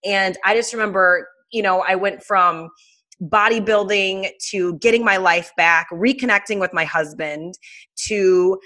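A woman in her thirties, a guest telling a personal story in a casual, animated way with many fillers. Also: medium pitch, unhurried.

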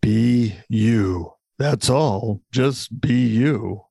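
A man's voice: medium pitch, very slow, creaky, mellow, breathy edge, no echo, heavily acted. God, as a man reads him in a skit, blunt and dry. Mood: calm. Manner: blunt, teasing, lecturing. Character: God, blunt all-knowing male deity. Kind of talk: read comedy skit. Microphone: video call.

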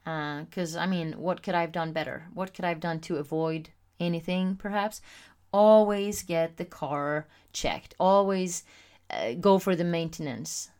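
A woman hosting a podcast, telling a personal story in a candid, expressive way with frequent pauses and fillers. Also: deep voice. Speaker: podcast host.

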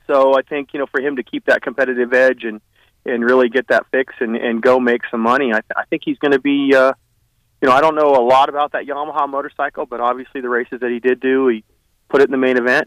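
A man talking as a guest on a racing radio show, relaxed and rambling, with lots of fillers. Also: medium pitch, fast, no room sound, low-quality recording. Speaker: guest, racing team owner. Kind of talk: casual phone interview.

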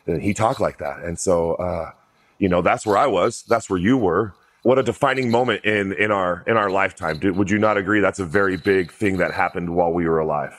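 Male podcast host, low voice, dry close sound, easygoing and chatty. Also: brisk, no room sound. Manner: loose, conversational, many fillers and restarts. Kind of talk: casual interview.

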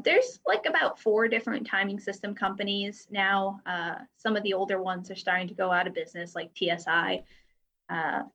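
A woman's voice: mid-range voice, a bit bright. A woman guest talking casually about her work, chatty, with lots of fillers. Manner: chatty, with frequent fillers and light laughs. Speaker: guest from a drag racing timing system company. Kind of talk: casual interview chat.

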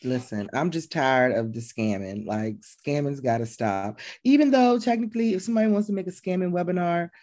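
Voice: medium pitch, a little fast, hardly any pauses, a little mellow. A co-host of a casual gossip podcast, giving blunt, opinionated commentary.

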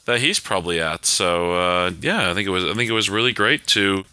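A man co-hosting a podcast, with dry jokes and easy laughs. His voice is low but very bright and sharp-edged, on a close, dead-dry mic. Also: expressive, a little fast, clear, resonant tone, no echo. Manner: dry joking, laughs often. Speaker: podcast co-host. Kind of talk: casual podcast chat.

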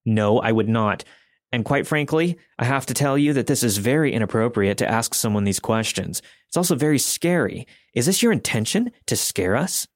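A man's voice: medium pitch, measured pace, darkish tone, dry recording, studio quality, natural voice. A man voicing a young mother, polite and protective of her sleeping kids, in a raised voice. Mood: angry protective.

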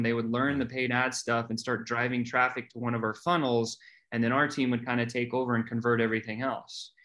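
A man's voice: mid-range voice, fairly bright tone. A man talking as a podcast guest, telling his story candidly and earnestly, often restarting and repeating words.

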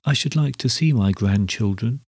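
A man voicing a feeble, gaunt old peasant man who speaks low and weakly, in a storybook reading. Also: animated, unhurried, gravelly, mellow, slightly rough, no room sound, studio quality, full character voice.

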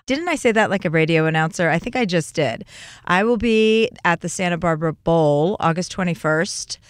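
A woman podcast host in her forties chatting casually and joking with animated asides. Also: fairly low pitch, moderate pace, clear, resonant tone, dry recording, clean studio sound. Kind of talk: casual chat and ad reads.

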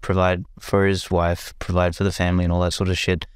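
A man's voice: sits low, monotone, a little fast, clear, resonant tone, no echo, clean studio sound. A man talking as a podcast guest in a loose, rambling way, with many restarts and casual swearing.

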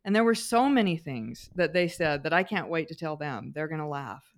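A middle-aged woman, a guest on a talk show, telling personal anecdotes in an expressive, animated way. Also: low voice, a little fast. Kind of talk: conversational storytelling.

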